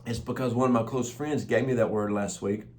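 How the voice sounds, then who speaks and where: Male host, mid-pitched, delivering prophetic words with upbeat, emphatic preaching energy. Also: fairly even intonation, fairly quick, darkish tone, slight background noise. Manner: exuberant, emphatic, repeats phrases for emphasis.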